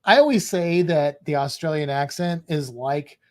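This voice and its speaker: Guy cohosting a live stream, jokey and rambly, reads the chat out loud. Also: on the high side, moderate pace. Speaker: podcast co-host.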